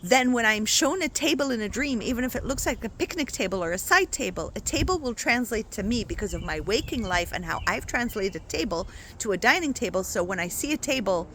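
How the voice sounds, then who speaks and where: A woman spiritual coach talking casually to her viewers in an expressive, chatty way, often checking in with "right?". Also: a little high, a little fast, hardly any pauses, a little hiss or hum. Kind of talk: casual spiritual talk to camera.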